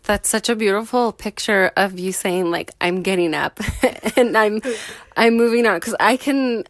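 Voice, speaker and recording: A woman interviewer who asks questions in a gentle, measured way. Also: mid-range voice, no echo.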